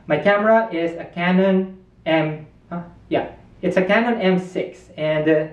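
A man's voice: high voice, steady tone, unhurried. A man reviewing a microphone in a casual demo at a home recording setup. He talks close to a dynamic studio mic in a chatty, offhand way and pokes fun at himself. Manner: chatty and offhand, with self-mocking asides. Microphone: dynamic studio mic, talking close.

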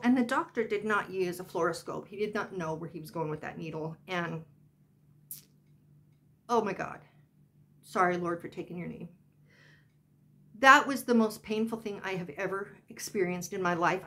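A woman's voice: mid-range voice, fairly bright tone. An older woman talks to her camera in a casual, wandering way, stopping for asides as she tells her story. Her voice sits in a middle register, and she sounds close to the mic. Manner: chatty and rambling, with frequent asides. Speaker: vlogger.

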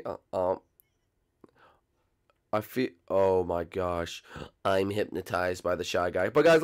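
A man hosting a building game video, teasing his friends playfully, with sudden jumps in pitch and loudness. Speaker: gaming channel host. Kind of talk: casual gameplay commentary.

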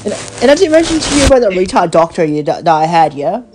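A woman's voice: fairly low pitch, big pitch swings, fast, over music, low-quality recording. A woman hosting a podcast over the phone in a blunt, profane casual rant, packed with "you know" and "like," her voice worn out from talking. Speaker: podcast host.

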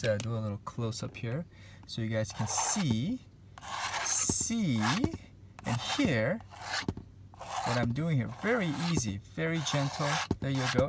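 A man's voice: mid-range voice, heavy background noise. A man teaching a home painting lesson step by step, easygoing and chatty, with many fillers and repeated encouragement. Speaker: painting instructor. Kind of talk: relaxed step-by-step tutorial. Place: home studio.

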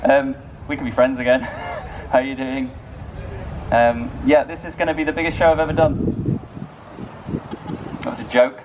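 A man's voice: mid-range voice, steady tone, normal speed, long pauses, distant mic, dull audio. A man performing as a street busker, bantering cheekily and mocking himself while talking to passers-by outdoors. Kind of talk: busking crowd banter. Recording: noisy outdoor street recording.

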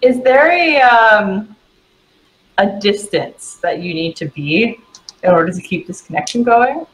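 A woman's voice: mid-range voice, lively intonation, unhurried, a bit bright, low-quality recording. Woman player planning aloud. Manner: plans aloud, hesitant. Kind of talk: casual game chat.

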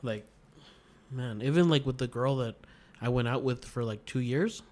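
A man co-hosting a podcast, telling crude stories in casual chat and acting out quotes loudly. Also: mid-range voice, moderate pace. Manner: profane storytelling, acts out quotes loudly. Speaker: podcast co-host.

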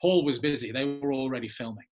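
An English man, an actor, telling lively anecdotes in a casual interview and laughing often. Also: mid-range voice, fast. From England. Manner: animated storyteller, laughs often. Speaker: actor guest.

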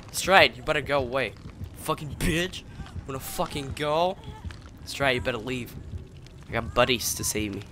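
A young man commenting on his own game play, yelling and swearing in angry bursts at the game. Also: medium pitch, normal speed, pauses often. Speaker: gaming channel host. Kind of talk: gaming commentary.

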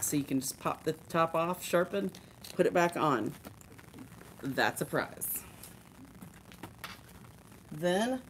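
A slightly low-voiced woman hosts a live art supply show in a chatty, enthusiastic way. She shows off products in an easy, casual manner and trades jokes with her co-hosts. Faint noise sits behind her voice.

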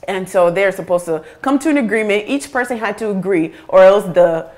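A woman from Africa tells a personal story as a talk show guest. She is animated and laughs her way through hard memories, her voice at an everyday middle pitch. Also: brisk.

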